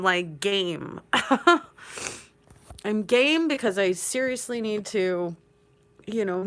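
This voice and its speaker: A woman talks slowly and unhurriedly with a gravelly, creaky edge as she chats live with viewers from her couch. She sounds tearful, rambling and emotional, laughing hard things off, picked up close on a headphone mic. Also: a little high, a bit bright. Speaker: livestream host. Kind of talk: casual live chat with viewers. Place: at home on a couch.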